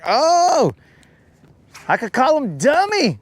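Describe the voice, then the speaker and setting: A man's voice: extremely high pitch, huge pitch swings, slow pace, no room sound. A man hosting a fishing show, joking around casually on a boat and calling people bro and dog. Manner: slangy, joking, keeps saying bro and dog.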